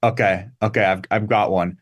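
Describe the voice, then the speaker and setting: A man's voice: fairly low pitch, fairly even intonation, moderate pace. A man from Canada chatting casually as a guest musician, rambling through lists and laughing easily. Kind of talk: casual interview chat.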